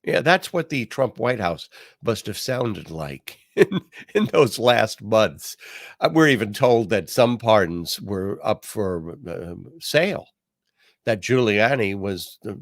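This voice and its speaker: Gravelly wry older man host. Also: on the low side, no echo, studio quality. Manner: wry, sarcastic, with many fillers. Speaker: podcast host. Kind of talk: political commentary monologue.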